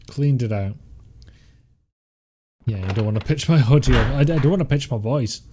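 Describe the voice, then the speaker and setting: A man's voice: medium pitch, moderate pace, noisy background. A British man giving casual gameplay commentary, dry and self-mocking, muttering to himself on a close compressed mic. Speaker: streamer. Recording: game music behind.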